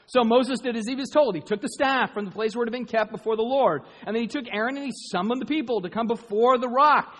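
A man preaching a sermon, animated and rising to loud, emphatic bursts. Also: high-pitched. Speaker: pastor. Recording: long hall reverb.

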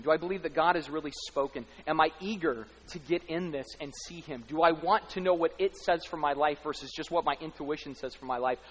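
A man's voice: on the high side, a little fast, slightly rough. A man preaching a sermon as pastor, speaking emphatically, building runs of repeated lines and rhetorical questions. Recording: long hall reverb.

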